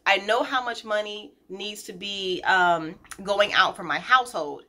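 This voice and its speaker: A woman's voice: medium pitch, pushed and bright. A woman business owner in a casual vlog, talking directly and emphatically, repeating her key points and addressing viewers informally. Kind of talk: casual motivational vlog talk.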